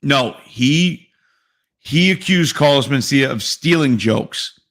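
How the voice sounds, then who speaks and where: A man's voice: medium pitch, expressive, takes it slowly, a bit bright. A man co-hosting a casual podcast, arguing bluntly and swearing freely. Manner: blunt, profane, argues emphatically. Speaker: podcast co-host. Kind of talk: casual argumentative chat.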